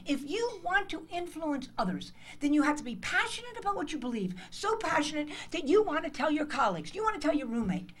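Speaking to a room of interns in a conference hall, this woman from the United States, in her sixties, uses a high, fairly bright voice with big pitch swings, a slightly fast pace and few pauses. She's passionate and emphatic, acting out dialogues in her motivational speech.

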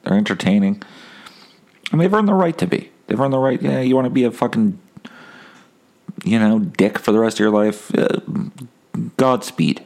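A man's voice: mid-range voice, lively intonation, moderate pace, creaky, long pauses, darkish tone. A man hosting a casual solo podcast, rambling and wry, swearing freely. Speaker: podcast host.

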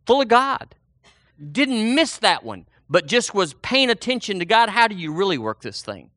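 A man preaching a sermon in a folksy, animated way, swinging from loud emphasis to quiet asides. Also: high voice, no room sound, clean studio sound.

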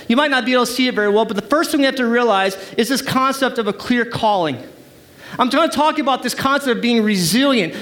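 A man's voice: sits high, a bit bright. A man preaching a sermon to his church, emphatic, calling out to the congregation for responses. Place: church service.

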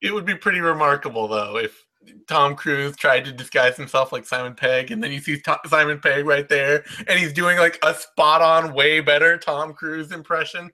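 A podcast co-host with a fairly high, pushed, bright voice talks at normal speed in casual chat. He cracks jokes and often stammers, stumbling and restarting his words.

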